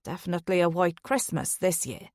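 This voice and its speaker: A woman voicing a gruff male taxi driver with an Irish accent in an audiobook thriller. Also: on the low side, brisk, dry recording, studio quality, pitched below the performer's own voice, natural voice. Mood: blunt, matter-of-fact.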